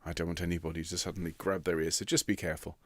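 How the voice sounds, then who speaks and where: A lower-voiced man runs a home online choir rehearsal, greeting each singer with light teasing. His voice sounds a touch rough and sandpapery. The sound is dry and close, from a computer mic with no room echo. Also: flat delivery, rapid-fire, fairly bright tone. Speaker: choir director. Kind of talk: live online rehearsal chat. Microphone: computer mic on a video stream.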